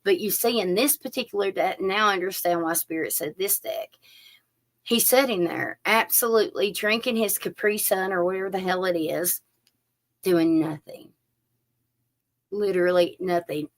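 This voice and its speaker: A woman with a fairly low voice, speaking at normal speed, does a tarot reading on a live stream. Chatty and animated, she turns directly to her viewers, often using fillers.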